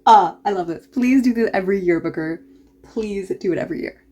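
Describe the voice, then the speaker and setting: Chatty, excited woman book reviewer. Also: medium pitch, a little fast. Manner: enthusiastic, chatty. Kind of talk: casual reaction vlog.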